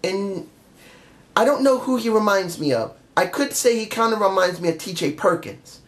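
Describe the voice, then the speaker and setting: A man's voice: sits high, expressive, moderate pace, a bit bright. A man reviewing a wrestling show in a casual spoken style, blunt and exasperated, firing off repeated questions.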